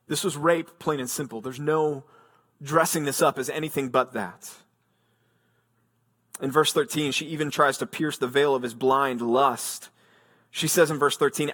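A man's voice: a little high, moderate pace, a bit bright. A man preaching a sermon as pastor, reading scripture aloud and then explaining it in an earnest, emphatic way.

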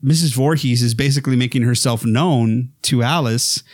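Animated man chatting about films. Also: mid-range voice, normal speed, no room sound, studio quality. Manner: animated, rambling with restarts. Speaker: podcast host. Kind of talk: casual film chat.

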